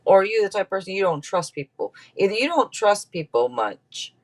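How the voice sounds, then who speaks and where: A woman giving a casual tarot reading on a live stream, chatty and quick to laugh as she talks straight to her viewers. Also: mid-range voice, very animated. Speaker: tarot reader.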